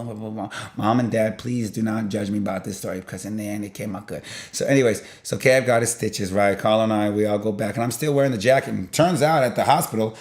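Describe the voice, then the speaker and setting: A young man telling a long story in a loose, rambling way, full of filler and sound effects. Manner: rambling, peppered with "blah blah" and "boom"; animated, jumps in loudness while retelling. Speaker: vlogger.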